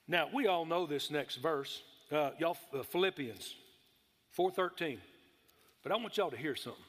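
A man's voice: fairly high pitch, animated, moderate pace, a bit bright, big-room sound. A man preaching a sermon, emphatic, calling for amens and stretching out key words.

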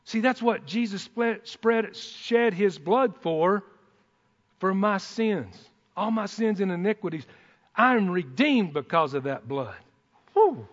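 A man preaching a sermon in a folksy, excitable way, breaking into whoops and joking asides. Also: high-pitched, slow. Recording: dull sound in a reverberant hall.

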